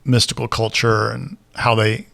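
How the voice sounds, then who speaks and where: In a casual podcast conversation, a co-host with a lowish, creaky voice recounts a story at a moderate pace. He's animated throughout, acting out each quoted voice.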